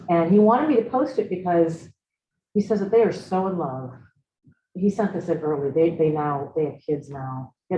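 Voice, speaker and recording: Low, mellow woman leading a seminar. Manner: reflective, engaging, asks students questions. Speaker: seminar leader. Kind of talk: conversational seminar talk. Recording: roomy, slightly dull room recording.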